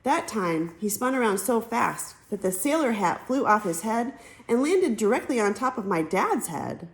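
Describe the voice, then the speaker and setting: Female audiobook narrator for a kids' novel; animated, wide-ranging delivery. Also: mid-range voice, normal speed, poor audio. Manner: lively storytelling, switches into character voices. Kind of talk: reading a children's novel aloud.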